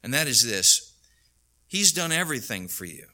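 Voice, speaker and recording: Bright-voiced preaching man. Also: sing-song, normal speed. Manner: earnest preaching, rising and falling in pitch and volume, acts out quoted voices. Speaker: pastor. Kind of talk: sermon.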